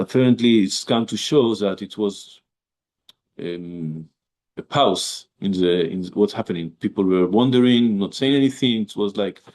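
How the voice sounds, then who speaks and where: Rabbi teaching, halting English. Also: male voice, fairly low pitch, a little mellow. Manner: halting, with many restarts and fillers, reads verses aloud. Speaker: rabbi teaching a Bible class. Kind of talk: informal Bible lesson.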